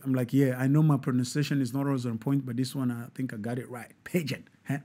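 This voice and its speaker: A man hosting a live online show, talking in an animated, preachy way with frequent restarts and self-corrections. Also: mid-range voice, fast talker. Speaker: host.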